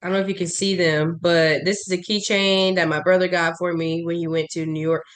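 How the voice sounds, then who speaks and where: A woman co-hosting a podcast in casual chat, jokey and quick to tease. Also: on the low side, flat delivery. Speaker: podcast co-host.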